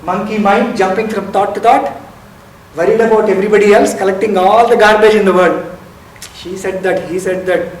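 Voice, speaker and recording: High-voiced man lecturing in an echoey hall. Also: steady tone, moderate pace. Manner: explanatory, asks rhetorical questions. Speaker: meditation teacher. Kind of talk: spiritual lecture. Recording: roomy hall, distant mic, faint noise.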